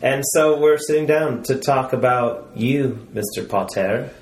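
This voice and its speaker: A man's voice: medium pitch, measured pace. A man opens an interview in a jokey, easygoing way. He has a mid-range voice. The space is noticeably roomy and echoing. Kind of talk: casual interview chat. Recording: roomy echo.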